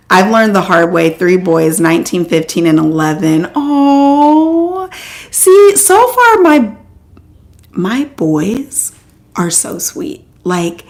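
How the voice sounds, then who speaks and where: A woman in her forties chats on a casual live stream and answers her viewers one comment at a time. Her delivery is loose and rambling, with lots of "like" and "um". Her pitch jumps up whenever something excites her. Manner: animated, voice jumps up when excited. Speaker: host.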